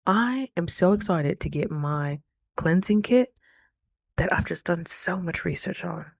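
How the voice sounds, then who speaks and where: A woman talks straight to her viewers in a casual storytime vlog. She is animated and chatty, and her voice sits a little low. The recording is close and dry, with no room sound. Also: unhurried, vocal fry, no echo. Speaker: vlogger.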